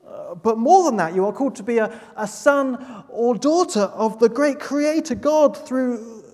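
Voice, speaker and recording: A preacher delivering an earnest, emphatic sermon, pausing to stress key words. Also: mid-range voice, dark tone. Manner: earnest, emphatic, with pauses for weight. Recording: long hall reverb.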